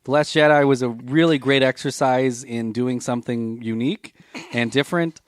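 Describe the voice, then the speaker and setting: A man hosting a podcast, giving deadpan, mock-diplomatic answers in casual chat. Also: medium pitch, moderate pace, dry recording, studio quality. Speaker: podcast host.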